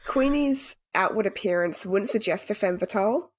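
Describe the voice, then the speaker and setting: A woman's voice: medium pitch, expressive, normal speed, no echo. Chatty woman podcast co-host, dry sound. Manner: chatty, swears casually, lots of "like". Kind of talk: casual podcast discussion.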